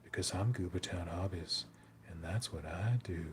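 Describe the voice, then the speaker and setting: A man doing a parody impression of a calm, soft-spoken male hobby streamer with a slow, soothing voice. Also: low voice, breathy edge. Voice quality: slow, soothing, mock-dulcet.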